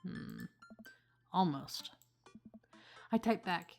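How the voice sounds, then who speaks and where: A woman's voice: lowish voice, animated, moderate pace, faint music behind. A woman playing a dating game on video, giving casual gameplay commentary with chatty, playful asides. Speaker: let's play gamer.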